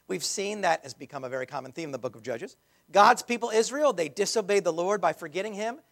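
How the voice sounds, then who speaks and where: A pastor delivers his sermon in a gravelly, creaky voice. He speaks conversationally, restarting phrases and dropping in casual asides as he works through his message. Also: sits high, a bit bright.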